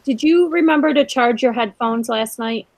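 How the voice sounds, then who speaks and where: A woman's voice: on the high side, normal speed, gravelly, no room sound. A woman hosting a video call chat, teasing her guests and laughing often. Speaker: host. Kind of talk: casual chat. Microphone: computer mic on a video call.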